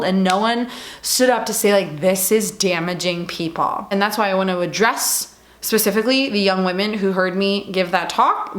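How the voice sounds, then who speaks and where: A woman's voice: medium pitch, a bit bright. Earnest woman vlogger in a roomy space. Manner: heartfelt and apologetic, many fillers like "like" and "um". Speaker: Catholic speaker and vlogger. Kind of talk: earnest talk to camera.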